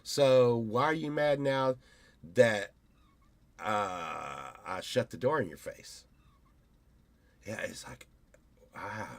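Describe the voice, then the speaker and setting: A man's voice: lowish voice, animated, slow pace, long pauses, dry recording. A man in his fifties, rambling through a casual vlog monologue and telling stories with many restarts. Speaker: YouTuber.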